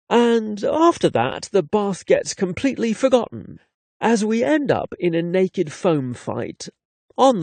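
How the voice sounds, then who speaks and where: Man, audiobook narrator, breathy, lively pitch, higher voice, dry close studio sound. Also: no room sound. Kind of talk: first-person romance narration.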